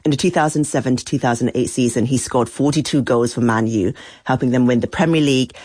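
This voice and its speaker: A man's voice: medium pitch, quick pace, darkish tone, dry recording, clean studio sound. A man co-hosting a talk podcast, reading prepared facts and adding casual comments. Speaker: podcast co-host. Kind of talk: scripted narration in a chat.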